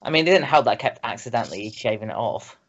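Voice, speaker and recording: A man's voice: medium pitch, expressive, fast, lo-fi sound. A young man co-hosting a reaction video, laughing through crude casual banter.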